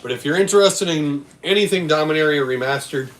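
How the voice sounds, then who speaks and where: A man's voice: a little high, brisk, fairly bright tone, low-quality recording. A man who runs a game store, hosting a casual stream about a game league with a laid-back, rambling way of talking. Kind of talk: casual chat.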